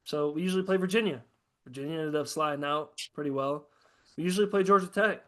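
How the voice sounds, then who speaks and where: A man hosting a casual podcast chat, talking in a profane, excitable, ranting way. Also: fairly high pitch, fast. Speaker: host.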